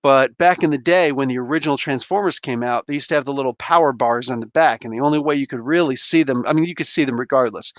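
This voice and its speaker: A man's voice: medium pitch, fast talker, few pauses, no echo, highs cut off. A man hosting a casual livestream, chatting while he unboxes a toy and grumbling at the packaging. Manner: animated, frustrated outbursts at packaging. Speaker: host.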